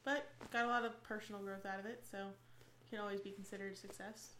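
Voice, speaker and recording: A woman co-hosting a podcast, chatting casually with quick, teasing remarks. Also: mid-range voice, fairly even intonation, pushed and bright. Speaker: podcast co-host. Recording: roomy echo, faint noise.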